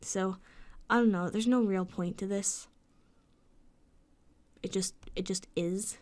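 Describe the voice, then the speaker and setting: A woman's voice: mid-range voice, fairly even intonation, slow pace, darkish tone. Sweary, sarcastic woman venting late at night. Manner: frustrated, sweary, sarcastic ranting; drops into whispers at times. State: sleepless. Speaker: vlogger.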